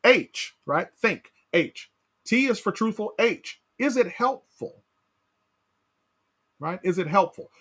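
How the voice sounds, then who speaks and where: A man leading a Bible study as pastor, animated, asking his class questions and often tagging on "right?". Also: high voice, takes it slowly, long pauses, husky.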